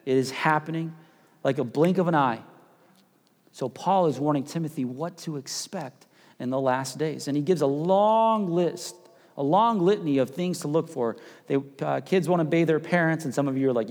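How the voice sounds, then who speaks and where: A man preaching a sermon as pastor, chatty and casual, rising to loud urgent passages and dropping to hushed near-whispers. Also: a little high, expressive, normal speed. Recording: long hall reverb.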